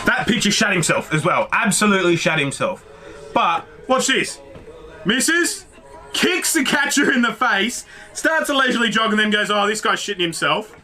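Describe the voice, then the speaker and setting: Guy, reaction host: high, sharp, excitable, swears a lot. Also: moderate pace, faint music behind. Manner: excitable, swears freely, talks to the screen. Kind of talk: casual reaction commentary.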